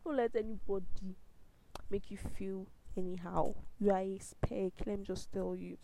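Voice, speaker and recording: A woman's voice: medium pitch, steady tone, normal speed, creaky, mellow, slight background noise, low-quality recording. A young woman in her twenties with a Nigerian accent, talking straight to the camera in an impassioned, exclaiming way. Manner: impassioned, exclaiming, ranting with laughs. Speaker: vlogger. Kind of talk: casual direct-to-camera talk.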